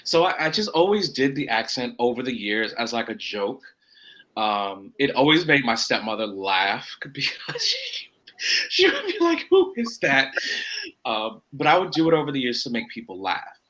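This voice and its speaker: A man from Florida, a wrestler guesting on a podcast, telling a rambling story full of quoted self-talk and quick asides. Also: medium pitch, expressive, a bit bright, poor audio. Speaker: indie pro wrestler guest. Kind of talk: casual podcast chat.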